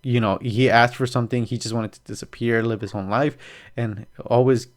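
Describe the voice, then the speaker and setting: Profane, animated man telling stories. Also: mid-range voice, a little fast. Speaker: podcast host. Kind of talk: casual podcast chat.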